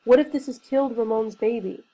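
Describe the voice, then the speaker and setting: A woman's voice: on the high side, fairly even intonation, fairly quick, warm tone, lightly acted. A woman voicing a frightened young pregnant woman, reading her panicked, pleading lines in a storybook.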